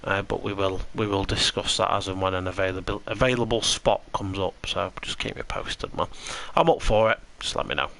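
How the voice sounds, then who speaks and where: A man's voice: low-pitched, brisk, vocal fry, few pauses, fairly bright tone, rough recording. A tired man giving chatty, rambling commentary on a live sim racing stream and answering his chat.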